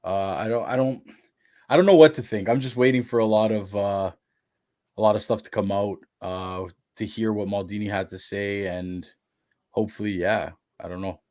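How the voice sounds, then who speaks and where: Male guest, low-pitched, quiet and unsure. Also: fairly even intonation, normal speed. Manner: subdued and hesitant, many fillers. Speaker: podcast guest. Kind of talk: casual panel chat.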